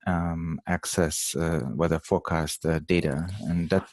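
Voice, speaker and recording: A man with a German accent and a very deep voice speaks haltingly in a meeting, filling pauses with ums and uhs. The sound is dry and close. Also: little pitch movement, a little mellow, dry recording. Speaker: meeting participant. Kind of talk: casual meeting talk.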